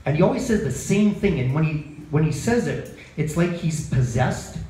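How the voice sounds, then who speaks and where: A man's voice: fairly high pitch, lively intonation, normal speed, dark tone. A man doing an open mic stand-up set in a bar, self-deprecating and quizzing the crowd, then chatting about how it went. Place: bar comedy night. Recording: echoey bar room, faint ambience.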